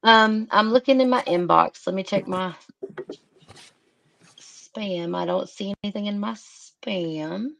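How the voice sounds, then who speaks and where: A woman's voice: mid-range voice, slow, creaky, fairly bright tone, a little hiss or hum. A woman hosting a casual live stream, chatting and thinking aloud with emotion.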